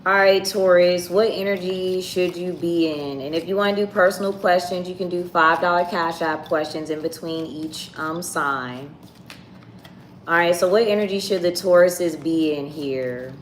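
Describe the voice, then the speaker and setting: A woman with a low voice runs a live tarot stream, chatting with her viewers in a casual, blunt way. Her voice rings a little in an echoey room, with faint ambient noise underneath. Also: fairly even intonation, moderate pace. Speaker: tarot reader.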